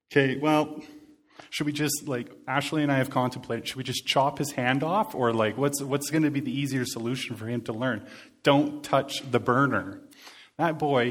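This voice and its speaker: A man's voice: mid-range voice, moderate pace, a bit bright. Man preaching a casual, earnest sermon. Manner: earnest, conversational, with repeated phrases.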